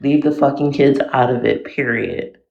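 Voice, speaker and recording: Mother calling in to a livestream, gravelly voice, emphatic, on a roomy, dull-sounding line. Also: rumbling low, normal speed, a little mellow. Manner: emphatic, agreeing, swears for emphasis. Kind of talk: casual livestream chat. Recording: echoey muffled phone audio.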